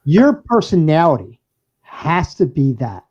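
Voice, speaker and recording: A man's voice: fairly high pitch, sing-song, measured pace, dark tone, breathy edge. A man co-hosting a casual podcast, rambling through stories with frequent laughs and restarts. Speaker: podcast co-host and DJ. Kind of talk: casual banter. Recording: dull lo-fi sound.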